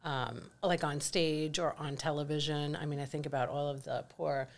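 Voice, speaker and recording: A woman's voice: low-pitched, steady tone, moderate pace. A middle-aged woman co-hosting a podcast, talking candidly and reflectively in casual chat. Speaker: podcast co-host.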